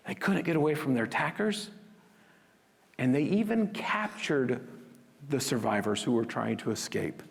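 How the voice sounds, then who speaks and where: A man preaching a sermon with a lively, swooping delivery and a voice that sits slightly high. He leans into phrases and sometimes drops to a hush for emphasis. The sound carries a long hall reverb. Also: creaky. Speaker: pastor.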